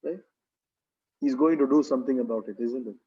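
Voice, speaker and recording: A man's voice: mid-range voice, brisk, dark tone, breathy edge. A man with a Kerala English accent preaching a sermon, earnest and repetitive, with rhetorical tag questions, in a church. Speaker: pastor. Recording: dull lo-fi recording.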